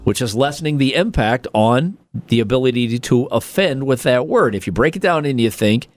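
A man's voice: medium pitch, animated, moderate pace, dry recording. Male podcast co-host, casual and profane, reads strange news items aloud, faint music underneath. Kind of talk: casual comedic chat.

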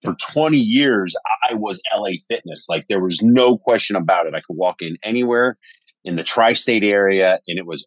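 A man's voice: sits low, moderate pace, breathy edge, dry recording. A man telling stories animatedly in a casual podcast conversation, cursing freely. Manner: animated storyteller, swears casually. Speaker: podcast guest.

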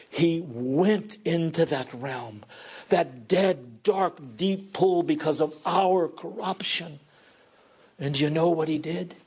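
A man preaching a sermon with dramatic swings between loud emphatic peaks and hushed low passages. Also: vocal fry, husky.

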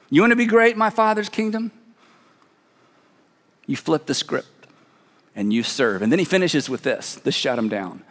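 A man's voice: on the high side, sing-song, a little slow, long pauses. A man pastor preaching a sermon in a conversational, storytelling way, with emphatic asides. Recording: long hall reverb.

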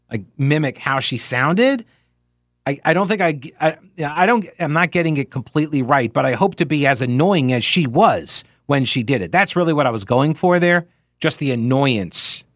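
Sarcastic talk radio host, dry sound. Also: male voice, fairly high pitch, fairly bright tone, dry recording. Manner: sarcastic, mocking; reads listener emails aloud.

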